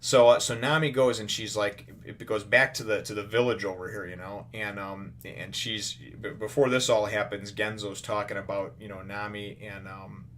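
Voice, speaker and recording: A man's voice: lowish voice, fairly even intonation, normal speed, hardly any pauses, a little hiss or hum. A man casually retelling a comic chapter in a review, rambling with lots of "you know" fillers. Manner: retells the story animatedly. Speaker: manga reviewer.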